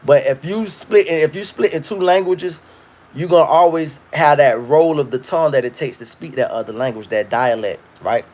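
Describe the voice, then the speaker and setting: A man hosting a livestream, ranting in a loud, profane, rambling way and reading viewer comments. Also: a little high, moderate pace. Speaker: livestream host. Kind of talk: casual livestream rant.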